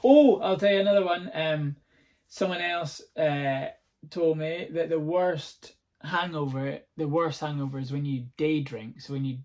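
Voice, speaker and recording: Scottish comic, young, solo home podcast, loose rambling chat, sweary, quick to laugh. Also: male voice, on the high side, darkish tone. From north-east Scotland. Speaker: comedian and podcast host. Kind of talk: casual solo podcast monologue. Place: at home on a sofa-bed seat.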